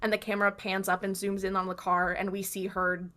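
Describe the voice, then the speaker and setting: Brisk and bright, with a level yet forceful tone at medium pitch, a young woman co-hosts a podcast. She keeps the recap chat casual and acts out what the characters say while retelling scenes.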